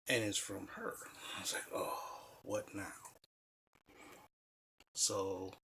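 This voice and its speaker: A man's voice: fairly low pitch, takes it slowly, gravelly, bright, forceful tone, a little hiss or hum. A man telling a personal story in a casual, rambling way, full of "you know" fillers and blunt, profane asides. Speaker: vlogger.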